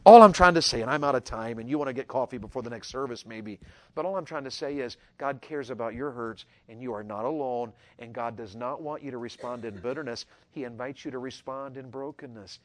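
A middle-aged man, preaching a sermon to young people in an earnest voice that swings from loud urging to hushed tenderness. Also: medium pitch, fairly quick. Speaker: pastor.

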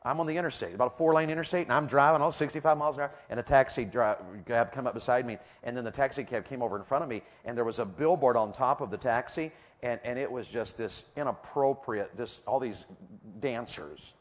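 A man's voice: mid-range voice, fast, in a large hall. A middle-aged man preaching a sermon in a church auditorium, drawing the congregation in with rhetorical questions and call-and-response.

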